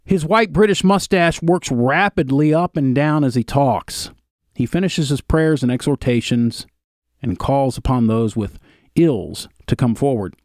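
A man's voice: mid-range voice, unhurried, dry recording, studio quality. A man narrating a video, reading an old written account aloud and stopping now and then for casual asides. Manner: steady reading, broken by casual spoken asides.

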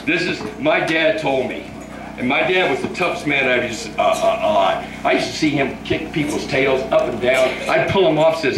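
An older man preaching at a revival, leading a crowd in shouted call-and-response prayer. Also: medium pitch, brisk, reverberant, background noise.

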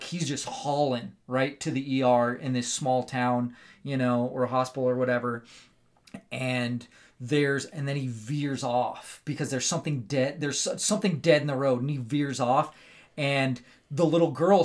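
A man on a casual podcast, retelling a film in an animated, rambling way, full of "like" and "right?". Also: medium pitch. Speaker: podcast co-host.

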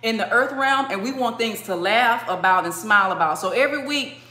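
A woman teaching a spiritual workshop in a lively way, acting out crying and laughing as she explains. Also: fairly high pitch, a little fast, reverberant.

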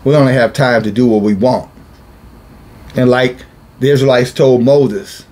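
A man's voice: medium pitch, a little slow, long pauses, a little mellow. A man preaching a blunt, scolding sermon, calling himself a watchman and repeating phrases for emphasis. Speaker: self-styled watchman preacher. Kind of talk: rebuking sermon monologue.

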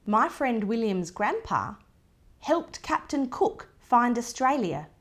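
A woman reading a children's picture book aloud in a gentle, animated way. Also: on the high side, slow pace. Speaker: storybook reader.

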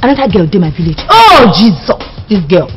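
An actress with a Nigerian accent playing a loud, gossipy young woman who can't stop talking and breaks into excited shouts, with music under it. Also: mid-range voice, fairly quick. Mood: excitable. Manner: excitable, boisterous, bursts into shouts. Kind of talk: film drama acting.

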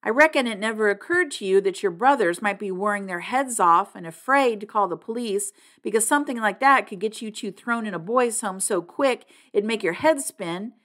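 A woman voicing a strict young man, an angry older brother who shouts and scolds in a storybook reading. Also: medium pitch, expressive, moderate pace, hardly any pauses, voice pushed up, close to an everyday voice. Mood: scolding.

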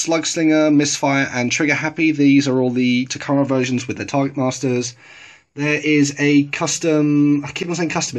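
A man casually narrating a tour of his collection, rambling and correcting himself with plenty of ums, filming on a handheld camera in a dim room at home. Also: mid-range voice. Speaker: toy collector vlogger. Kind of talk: casual show-and-tell narration.

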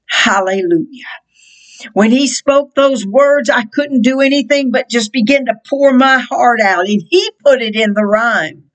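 A middle-aged woman preaching a fervent prophetic sermon, quoting scripture in a slow, impassioned cadence. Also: on the high side, poor audio.

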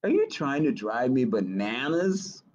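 A tired, grumpy father frog who grumbles slowly, dragging out his words, as a man reading a storybook puts him on. The sound is dull and lo-fi. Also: medium pitch, sing-song, a little mellow. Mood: grumbling.

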